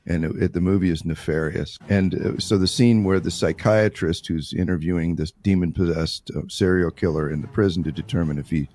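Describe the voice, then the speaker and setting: A man's voice: low voice, fairly even intonation, a little fast, few pauses, mellow. A man talking earnestly in a conversation and repeating key points for emphasis. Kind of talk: conversational talk on spiritual warfare.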